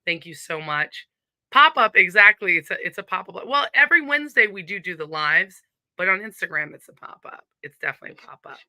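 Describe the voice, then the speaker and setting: A woman's voice: medium pitch, very animated, brisk, pushed and bright, dry recording. A woman with a Southern accent hosting a casual live stream from home, chatty and upbeat as she greets viewers and reads their comments.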